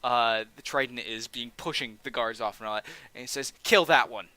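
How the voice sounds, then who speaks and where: A man narrating a tabletop role-playing game as game master, relaxed and full of filler words. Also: mid-range voice, brisk, smooth, dry recording.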